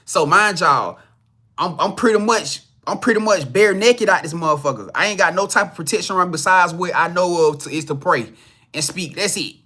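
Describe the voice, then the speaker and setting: High, bright-voiced man telling a profane story. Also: moderate pace. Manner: profane, emphatic, repeats himself. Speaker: spiritual reader, channel host. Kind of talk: casual storytelling to viewers.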